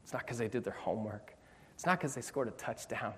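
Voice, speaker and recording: Pastor, male, mid-pitched, earnest emphatic sermon delivery, long sanctuary echo. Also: a bit bright, a little hiss or hum. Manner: earnest, emphatic preaching with slow stressed phrases. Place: church sanctuary. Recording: long church reverb.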